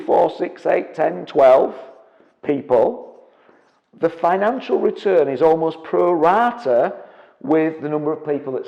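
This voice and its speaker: A man giving an energetic seminar presentation as a property investment trainer, often checking in with the audience. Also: on the high side, creaky. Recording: dull, echoey hall with long reverb.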